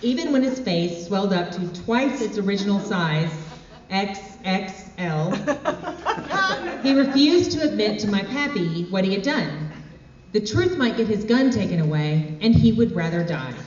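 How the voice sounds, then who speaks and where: A woman telling a comic personal story on stage with deadpan, wry asides. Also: medium pitch, moderate pace, a little hiss or hum. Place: stage in a hall. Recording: echoey hall, far from mic, dull.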